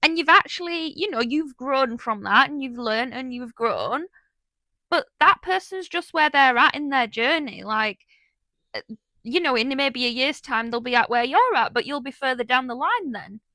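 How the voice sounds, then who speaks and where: High bright woman, chatty and encouraging, cheeky jokes. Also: animated, normal speed, no room sound. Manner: supportive, agreeing, cheeky humour. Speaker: podcast co-host. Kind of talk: casual chat.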